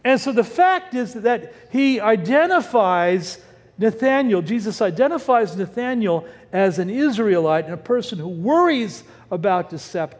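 A pastor delivers a sermon from the pulpit in a church sanctuary, his voice pitched high and swinging widely through a string of rhetorical questions. He frequently stops mid-word and starts over, and his voice rings with a long hall reverb.

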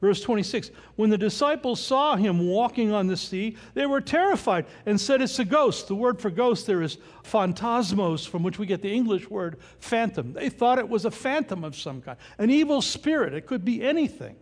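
A man's voice: high voice, normal speed, few pauses, long reverb tail. A man preaching a sermon, reading scripture verse by verse and asking rhetorical questions. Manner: expressive, rhetorical questions, reads scripture aloud. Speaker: pastor.

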